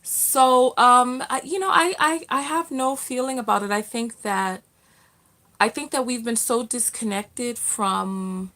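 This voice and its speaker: A middle-aged woman chats through a casual livestream, greeting viewers and answering their comments. Her voice sits a little high, and she talks in loose, friendly bursts with plenty of fillers and restarts. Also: a little slow. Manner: chatty and warm, frequent fillers and restarts. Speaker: livestream host, self-love coach.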